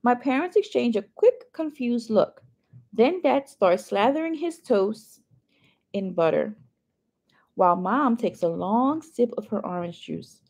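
A woman's voice: fairly high pitch, animated, a little slow, a little mellow. A woman reading a novel chapter aloud in first person, adding chatty asides to her listeners. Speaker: reader.

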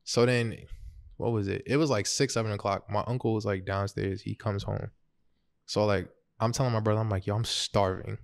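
A man's voice: lowish voice, a little fast, gravelly. Young New man telling a story. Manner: laughs through his story, animated, quotes himself. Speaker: podcast host. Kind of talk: casual storytelling chat.

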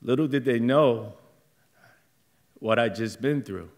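Middle-aged guy doing live storytelling, real slow, halting, flares up now and then. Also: medium pitch, a little mellow. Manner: slow, halting delivery with heated outbursts. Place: theater stage.

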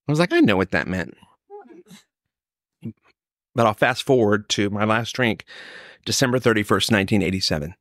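A man from California, older, telling his recovery story in a lively, storytelling way, acting out what others said. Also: fairly low pitch, dry recording, clean studio sound. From Sacramento, California. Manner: storytelling, animated, quoting others. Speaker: recovery speaker.

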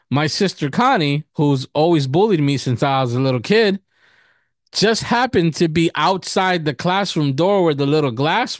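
A male pastor telling a personal story in a sermon, animated, laughing often and acting out the quotes with sudden high bursts. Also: dry recording, clean studio sound.

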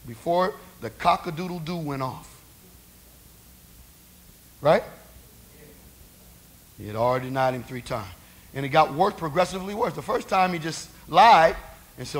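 Male preacher with a high voice, conversational sermon delivery, peppers the congregation with rhetorical questions. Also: lively intonation, normal speed, long pauses.

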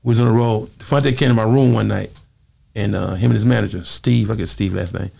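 A man telling stories from his music career in a casual interview, animated and full of asides. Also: on the low side, fast, vocal fry. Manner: animated storyteller, acts out quoted voices. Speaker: interview guest, former singer.

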